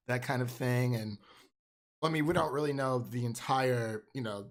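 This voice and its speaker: A man's voice: medium pitch, normal speed. A man co-hosting a casual film chat, rambling with many fillers and restarts. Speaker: podcast co-host.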